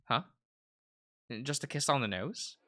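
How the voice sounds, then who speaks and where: A man's voice: medium pitch, expressive, measured pace, bright, forceful tone. A man voicing a naive, posh teenage boy who is flustered and dreamy. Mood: sweet.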